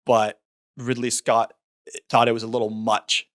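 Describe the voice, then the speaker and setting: A man's voice: medium pitch, level tone, unhurried. A man co-hosting a movie podcast, talking things through in a thoughtful, rambling way with restarts. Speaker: podcast co-host. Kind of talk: casual film discussion.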